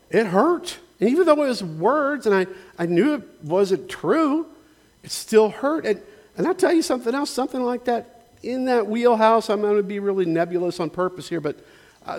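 Pastor, male, high voice, earnest conversational sermon, long church reverb. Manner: conversational, earnest, frequent restarts and asides. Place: church sanctuary.

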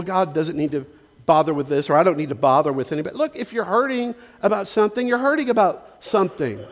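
High-voiced pastor in a reverberant hall. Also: male voice. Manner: conversational, earnest, frequent restarts and asides. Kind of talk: sermon. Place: church sanctuary.

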